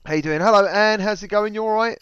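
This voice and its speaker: A man's voice: high voice, quick pace, a bit bright, clear, resonant tone, dry recording, muffled recording. A man hosting a casual gaming livestream, greeting viewers and reading out chat messages. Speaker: livestream host.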